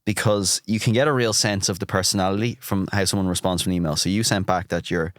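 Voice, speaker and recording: A man's voice: sits low, steady tone, quick pace, a bit bright, no echo, studio quality. An Irish chef in young adulthood hosting a casual food podcast, easygoing and teasing as he asks curious questions. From Ireland.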